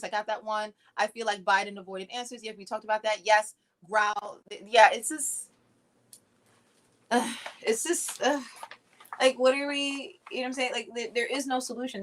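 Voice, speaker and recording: A woman hosting a casual livestream from her living room, talking fast and loose, swearing and mocking politicians. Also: on the high side. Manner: animated, profane, mocking impressions. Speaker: livestream host.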